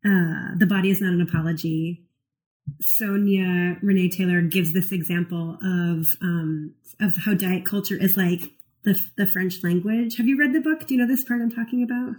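Animated woman explaining ideas. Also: fairly low pitch, moderate pace, rough recording. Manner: animated, explanatory, fillers like "like" and "you know". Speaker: therapist and podcast co-host. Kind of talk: casual conversational chat.

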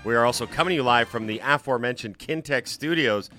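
A man hosting a morning sports radio show, running through the day's schedule in a lively way in a studio. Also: medium pitch, soft background music. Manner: lively, rattles off a quick rundown. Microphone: studio mic.

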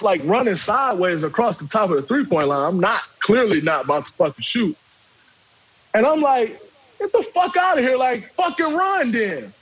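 Guy telling a story, husky voice, lots of cussing, acts out the quotes. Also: high-pitched, rough recording. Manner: animated, profane, acts out quotes. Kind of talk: casual storytelling.

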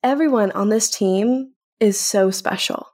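A woman's voice: mid-range voice, unhurried, darkish tone. A young woman hosting a podcast segment, speaking in a heartfelt, grateful way and getting a little emotional. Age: young adult. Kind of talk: casual personal talk to camera.

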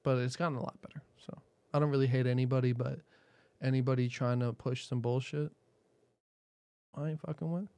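A man's voice: mid-range voice, steady tone, brisk, darkish tone, dry recording. A man who hosts a podcast, answering interview questions in a blunt, profane, laid-back way and laughing often. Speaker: podcast host.

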